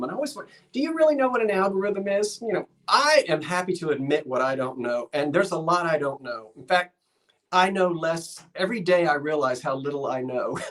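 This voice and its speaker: A live-stream sale host in a shop, chatting casually with a rambling, self-deprecating manner, reading out viewer comments and counting down bids. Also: mid-range voice. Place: shop, indoors.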